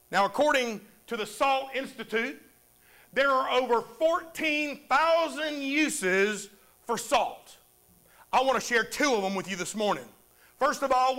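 A man's voice: extremely high pitch, sharp tone. A man preaching a sermon in church, calling for amens from the congregation. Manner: preaching with call-and-response amens. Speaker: pastor.

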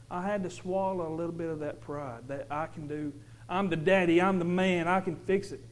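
A man with a fairly high voice telling his own testimony to a church crowd. He talks earnestly, restarting and repeating phrases as he goes. A faint hum sits under him. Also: poor audio. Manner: earnest, repetitive, emphatic with stumbling restarts. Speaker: father giving a church testimony. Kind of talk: personal testimony to a congregation.

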